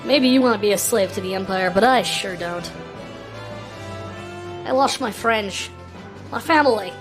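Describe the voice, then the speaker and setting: A determined young heroine who once served an empire, spoken quietly and without fuss, as a woman streamer reads her lines. Her pitch is ordinary, and game music plays clearly underneath. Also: unhurried, close to an everyday voice. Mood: earnest.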